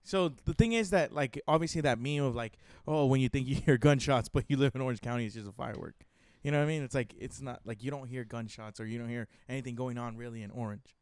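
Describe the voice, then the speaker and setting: A young man co-hosting a casual podcast, telling a story in a quick, laid-back way. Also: mid-range voice, darkish tone, clear, resonant tone, no room sound. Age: young adult. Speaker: podcast co-host. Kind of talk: casual chat.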